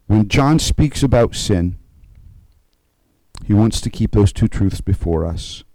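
Mellow low-voiced male pastor preaching. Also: animated, no echo, low-quality recording. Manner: conversational preaching, frequent "okay?" check-ins; slows and rises to stress key points. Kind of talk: sermon.

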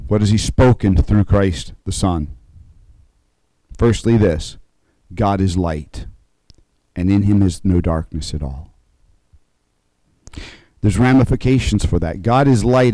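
A man preaching a conversational sermon, slowing and rising to stress key points and checking in with his listeners. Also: fairly low pitch, dark tone, no room sound, low-quality recording. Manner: conversational preaching, frequent "okay?" check-ins. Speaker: pastor.

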